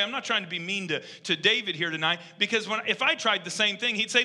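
A man preaching a sermon, rising to loud, emphatic peaks and dropping to hushed, earnest intensity. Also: high-pitched, lively intonation, fast, hardly any pauses.

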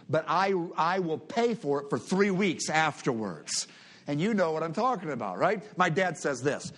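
A middle-aged man preaching a sermon, reading scripture aloud and leading his congregation in prayer. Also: high-pitched. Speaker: pastor.

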